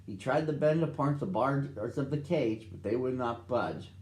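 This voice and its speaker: A man's voice: mid-range voice, fairly even intonation, normal speed, hardly any pauses, a little mellow, roomy sound. A man reading a storybook aloud expressively for children.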